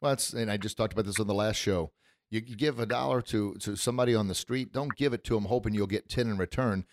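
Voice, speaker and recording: A male podcast host with a fairly low voice talks in an effusive, grateful way, choked up with emotion. The sound is dry and close. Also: fast talker, no echo. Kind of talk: casual podcast chat.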